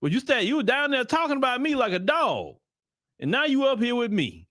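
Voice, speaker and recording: A man's voice: extremely high pitch, wildly swooping pitch, fairly quick, a bit bright, dry recording, studio quality, voice pushed up, exaggerated voice. A man putting on the voice of a dead man who mockingly scolds a newcomer to the afterlife. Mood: taunting.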